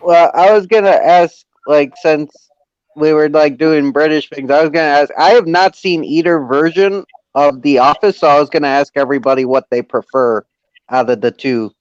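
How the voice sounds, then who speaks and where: A man's voice: on the high side, normal speed, no echo. Hesitant man, dry lo-fi sound. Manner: hesitant, repeats himself. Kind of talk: casual chat. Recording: dry, dull lo-fi audio.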